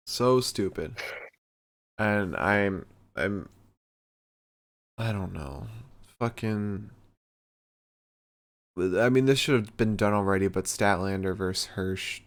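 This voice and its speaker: Male host, somewhat low voice, blunt and sweary, casual recap. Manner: blunt and profane, quick to mock. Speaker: podcast host. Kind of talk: casual wrestling recap chat.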